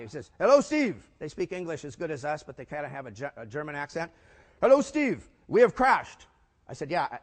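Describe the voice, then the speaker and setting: A man's voice: a little high, a bit bright. Punchy older man speaking in a hall. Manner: punchy, asks the audience rhetorical questions. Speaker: keynote speaker. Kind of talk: business conference talk. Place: conference hall. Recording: long hall reverb.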